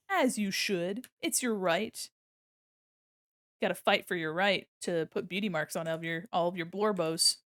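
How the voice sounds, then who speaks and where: A woman's voice: lowish voice, animated, unhurried, a bit bright, no echo. Woman streamer, young adult, chatty and giggly, close dry desk mic. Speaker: livestreaming illustrator. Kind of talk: casual chat while drawing on stream.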